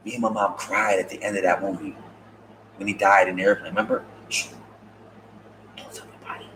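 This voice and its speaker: A man's voice: fairly low pitch, reverberant, slight background noise, poor audio. A man telling funny stories in a casual talk show, joking and acting out the voices of people he quotes. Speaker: podcast host. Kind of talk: casual comedic storytelling.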